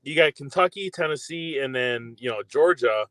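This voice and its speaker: A man's voice: mid-range voice, animated, normal speed, a loud crowd. A man chatting casually on a podcast in an easygoing, agreeable way. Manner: easygoing, agreeable, loose phrasing. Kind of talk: casual chat.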